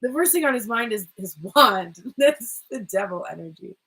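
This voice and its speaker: A woman's voice: on the high side, animated, moderate pace, a bit bright, husky, rough recording. A woman giving a chatty, rambling tarot reading who swears casually and often laughs. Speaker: tarot reader.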